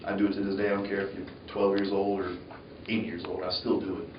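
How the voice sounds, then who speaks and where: A man's voice: sits low, fast, a little hiss or hum. Man telling a story in an echoey hall. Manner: animated, acts out voices. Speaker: motivational speaker. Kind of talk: motivational storytelling speech. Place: university lecture hall. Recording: echoey, distant, dull hall recording.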